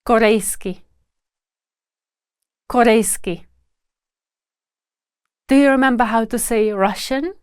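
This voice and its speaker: A woman language teacher who speaks slowly and carefully, saying each word twice in a lesson drill. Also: a little high, clear, resonant tone, no room sound, clean studio sound.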